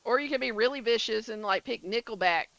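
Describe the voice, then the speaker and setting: A woman chats casually with her stream as she plays, peppering her talk with filler likes. Her voice sits a little high and comes across bright and forceful. The sound is dry and close. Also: a little fast, creaky, no room sound, poor audio. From southern United States. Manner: chatty, answers chat, many filler likes. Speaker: gaming streamer. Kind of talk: casual chat while streaming a game.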